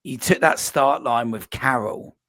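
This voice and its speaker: A man's voice: mid-range voice, measured pace, fairly bright tone, dry recording. A man hosting a podcast, enthusiastic and rambling, with plenty of fillers. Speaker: podcast host, coach. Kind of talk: casual podcast interview.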